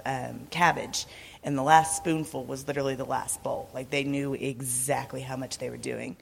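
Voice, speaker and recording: Woman with a lost, raspy voice giving a casual church talk in an echoing hall. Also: rumbling low, a little hiss or hum. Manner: laughs often, chatty. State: hoarse, lost her voice. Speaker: mission trip speaker. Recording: echoey hall.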